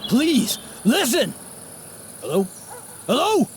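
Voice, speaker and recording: A man's voice: fairly high pitch, very animated, a little slow, background noise. An actor playing a protective, hot-tempered trucker who talks to the player in a fatherly, familiar way, from a video game. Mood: pleading. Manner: fatherly, calls the player young blood. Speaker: game character. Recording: game audio with music behind.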